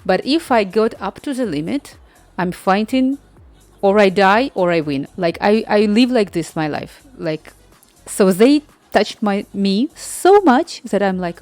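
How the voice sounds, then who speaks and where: A woman vlogger telling a story in casual non-native English, acting out the people in it with lively quoted voices. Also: medium pitch, unhurried, dry recording, faint music behind. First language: not Spanish.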